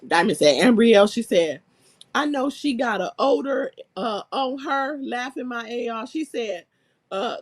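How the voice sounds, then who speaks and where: A woman's voice: on the high side, measured pace. Laughing woman reading chat aloud. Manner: laughs constantly, reads comments aloud, animated. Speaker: host reading out chat comments. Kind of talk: casual live-stream chat.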